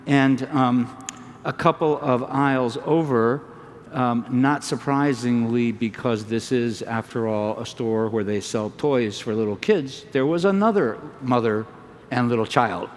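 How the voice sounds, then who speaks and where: A man, a psychologist on a panel, telling a personal story in a gentle, unhurried way with pauses and fillers. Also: mid-range voice, a little hiss or hum. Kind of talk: storytelling talk. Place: large lecture hall. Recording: distant mic in a large reverberant hall.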